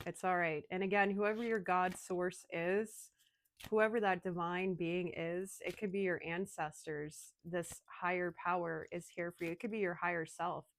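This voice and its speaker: A woman giving an emotional, excitable channeled tarot reading, speaking straight to her viewers. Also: lowish voice, moderate pace. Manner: emotional, excitable, addresses listeners as darling. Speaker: tarot reader.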